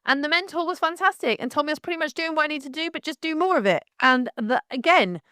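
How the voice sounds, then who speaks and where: A middle-aged woman from Devon and Somerset with a light West Country accent, hosting a casual solo podcast in a frank, animated way and calling the listener darling. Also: high-pitched, quick pace, no echo, studio quality. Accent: light West Country English. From Devon and Somerset, England. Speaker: podcast host.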